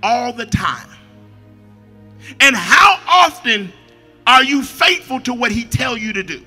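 A man preaching a sermon as a pastor, shouting at the peaks, dropping to quiet asides, and repeating his phrases. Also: very high voice, very animated, slow pace, slightly rough, soft background music.

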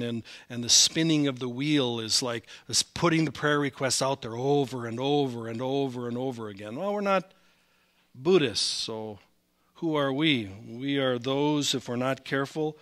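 A male senior pastor preaching a sermon, animated, rising in volume when he reads scripture and slipping in self-deprecating asides. His accent is Upper Midwest American. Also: mid-range voice, moderate pace. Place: church sanctuary.

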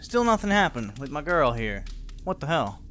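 A young man casually commenting on a horror game he is playing, profane and prone to loud startled outbursts. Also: a little high, sing-song, normal speed, slight background noise. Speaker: gaming channel host. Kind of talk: let's play commentary.

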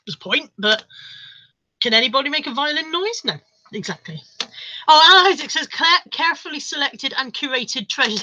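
A woman's voice: sits high, lively intonation, fairly quick, pushed and bright, a little hiss or hum, low-quality recording. A woman hosting a live stream, reading out viewer comments in a playful, mock-dramatic chat. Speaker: livestream host reading chat.

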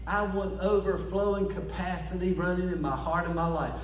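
A man's voice: high-pitched, steady tone, moderate pace, hardly any pauses, far from the mic. Fervent preacher man in an echoey church. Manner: fervent call-and-response preaching. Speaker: pastor. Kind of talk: sermon. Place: church sanctuary.

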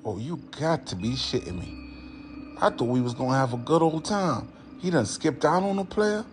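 A man playing a smug, scheming male music mogul who talks in a low, slow, threatening drawl. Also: expressive, close to an everyday voice. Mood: menacing. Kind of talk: comedy skit impression.

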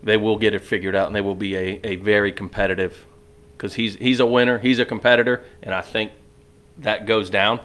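A man's voice: fairly low pitch, flat delivery, brisk, fairly bright tone. A man co-hosting a casual podcast, chiming in with jokes and cheering on the show's growth. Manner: upbeat, joking, chimes in with cheers. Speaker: podcast co-host.

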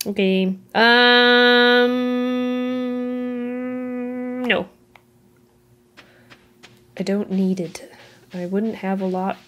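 A woman casually plays through a cozy farming game, chatting to the characters on screen and laughing at her own mishaps. Her mid-pitched voice is picked up by a headset mic in a home room. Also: fairly bright tone, a little hiss or hum. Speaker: gaming channel host. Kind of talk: casual let's-play commentary. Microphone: headphones with mic.

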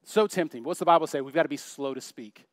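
Man, pastor, sermon, casual and joking, rhetorical questions, slightly high voice, dry sound. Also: fast, no room sound. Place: church.

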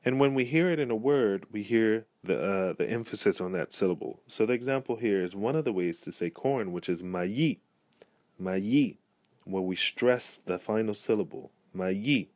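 A man teaching a pronunciation lesson, saying each letter and word slowly and repeating it twice. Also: fairly low pitch, darkish tone, no echo. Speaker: language teacher.

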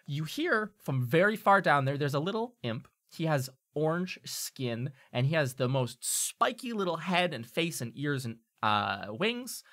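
A man's voice: a little high, very animated, measured pace, few pauses, fairly bright tone. A man narrating as game master in a tabletop game, describing scenes with many fillers.

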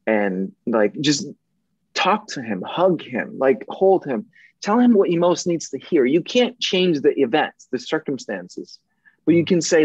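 A man speaking as a podcast guest in casual conversation, emphatic and often profane, shifting between intense and gentle. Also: medium pitch, lively intonation, unhurried, breathy edge, no room sound, muffled recording.

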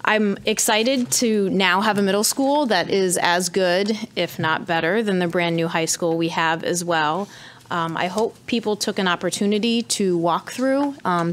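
Woman, town councilor, upbeat, frequent ums, fairly low voice. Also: moderate pace, slight background noise. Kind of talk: council remarks.

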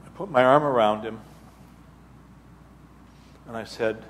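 A man, an abbot, telling a personal story at a retreat talk in an unhurried, halting way, often restarting his phrases. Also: medium pitch, a little hiss or hum. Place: church hall. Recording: long reverb of a large hall.

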